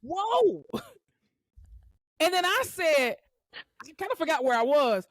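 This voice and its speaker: Animated high-voiced woman telling a story. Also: moderate pace, no echo. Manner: animated, acts out quotes with loud swearing. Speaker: podcast co-host. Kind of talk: casual storytelling chat.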